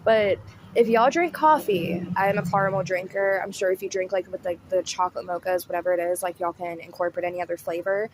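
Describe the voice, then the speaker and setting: A woman's voice: on the low side, fast, a little hiss or hum. A woman chatting casually and laughing often as she comments on a clip. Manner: chatty, giggly, slangy. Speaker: commentary YouTuber.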